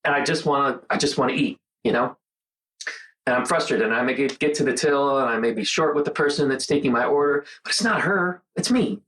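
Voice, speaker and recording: A man hosting a casual mindfulness monologue, talking earnestly and guiding the listener through slow counted breathing. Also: mid-range voice, fairly bright tone, rough recording. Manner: earnest, conversational, guides breathing with counted pauses. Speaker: host.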